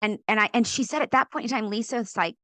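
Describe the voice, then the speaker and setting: A middle-aged woman from California with a fairly high voice, talking through her faith testimony as an interview guest. She tells it with plenty of expression, acts out the voices she quotes, and laughs often. The sound is close and dry. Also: fast talker, a bit bright, no room sound. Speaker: podcast guest, author.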